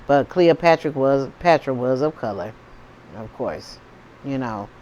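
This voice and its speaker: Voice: medium pitch, lively intonation, a little slow, darkish tone, dull audio, slight background noise. A tarot reader talking casually to viewers in a spiritual vlog, often stopping to check in with the audience. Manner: chatty, keeps checking in with "okay?" and "you know what I'm saying?".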